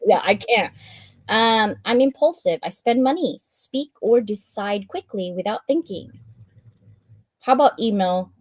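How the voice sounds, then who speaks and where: A woman hosting a live stream, reading out a checklist and chatting in an animated way, laughing often and acting out her own thoughts. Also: on the high side, unhurried, no room sound.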